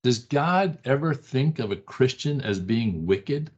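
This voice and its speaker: A man's voice: medium pitch, lively intonation, slow, a little mellow, breathy edge. A man teaching a Bible study class, conversational and emphatic, repeating short phrases and checking in with the class. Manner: conversational, keeps asking the class "right?". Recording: dull lo-fi classroom recording.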